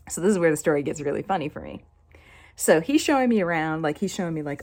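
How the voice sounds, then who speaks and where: A woman's voice: sits low, fast, a little mellow. A young woman with a Southern US accent telling a story in a rambling, chatty way, laughing often. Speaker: vlogger. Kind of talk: casual storytelling.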